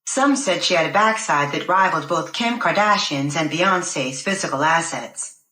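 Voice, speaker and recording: A woman reading a first-person novel aloud in a measured, deliberate way. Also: low-pitched, expressive, bright, forceful tone. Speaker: narrator. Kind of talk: scripted first-person audiobook narration. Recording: roomy echo.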